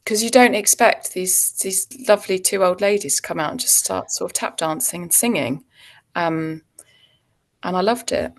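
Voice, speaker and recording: A woman's voice: on the low side, normal speed, gravelly. A woman, an actor chatting as a guest and telling anecdotes with frequent ums and laughs. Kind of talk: casual interview chat.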